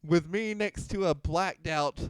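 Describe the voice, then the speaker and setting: A man's voice: a little high, measured pace. A young man co-hosting a podcast, telling a story in casual chat, laughing often and swearing freely. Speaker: podcast co-host.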